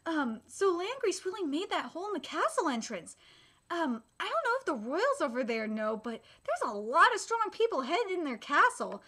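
A very high-pitched woman reacts live to a comic chapter, squealing and gasping with excitement and swearing freely. Her voice leaps around in pitch and has a bright, sharp edge. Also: moderate pace. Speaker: streamer reacting to a manga chapter. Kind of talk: live reaction, reading aloud.

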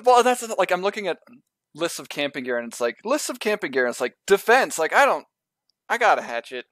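A man's voice: high voice, very animated, fairly quick, a bit bright, no echo. A man co-hosting a casual comedy podcast, chiming in with playful jokes. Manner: joking interjections, playful. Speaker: podcast co-host.

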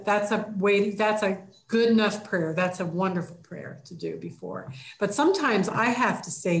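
A woman leading a church class on conflict resolution, talking casually and acting out quoted lines with sudden jumps in pitch. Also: sing-song, normal speed, hardly any pauses, roomy sound. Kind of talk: casual teaching talk.

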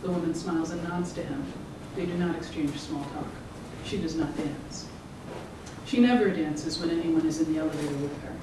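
An author giving a measured, rhythmic public reading of their own fiction. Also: medium pitch. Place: event room. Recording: echoey room, distant mic, background noise.

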